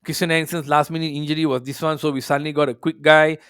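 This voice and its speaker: A man rants about football on his podcast with brash, profane energy, sometimes putting on mocking voices. His voice sits a little high. The sound is dry and close, with no room around it. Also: flat delivery, fast, fairly bright tone, clean tone, no echo. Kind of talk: casual opinionated rant.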